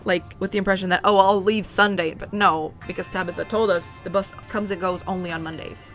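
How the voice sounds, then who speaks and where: A woman's voice: medium pitch, expressive, fairly quick, hardly any pauses, music in the background. A woman playing a story game, chatting casually, giggling and reading the game's lines aloud. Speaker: gaming streamer. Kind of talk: let's play commentary, reading game dialogue aloud.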